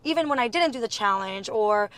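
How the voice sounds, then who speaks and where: Young woman guest, kinda high voice, giggly and animated, casual chat vibe. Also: brisk. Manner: giggly, animated storyteller with playful put-on voices. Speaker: reality TV guest.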